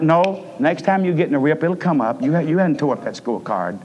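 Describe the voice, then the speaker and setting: Male preacher, a bit high-pitched, rising to loud urgency and dropping to hushed appeals, church reverb. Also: animated, a little fast, slight background noise. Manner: preaching with swings from raised to hushed voice. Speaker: pastor. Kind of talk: sermon. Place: church sanctuary. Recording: old church recording with long reverb.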